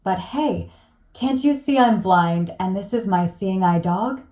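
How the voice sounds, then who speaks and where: A man's voice: high-pitched, animated, a little slow, warm tone. A woman voicing a skeptical, gullible man who follows his friend into a bar. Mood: pleading. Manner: skeptical, then bewildered. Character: doubtful, gullible man with a chihuahua.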